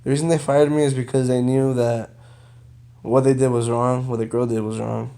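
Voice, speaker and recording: Young adult man, casual vlog storyteller, animated retelling with slangy asides. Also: mid-range voice, moderate pace, creaky. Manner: animated retelling, quotes others, frequent "bro" and "you know". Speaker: vlogger telling a personal story.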